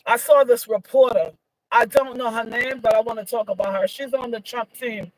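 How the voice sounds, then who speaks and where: A woman's voice: a little high, moderate pace, no room sound, low-quality recording. A woman giving her opinions in a casual vlog, emphatic and repetitive, her voice leaping up when she gets indignant. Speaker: vlogger.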